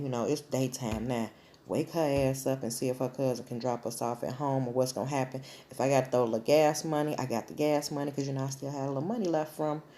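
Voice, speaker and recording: A woman's voice: a bass voice, mellow. A woman vlogger telling a personal story in a blunt, profane, casual way.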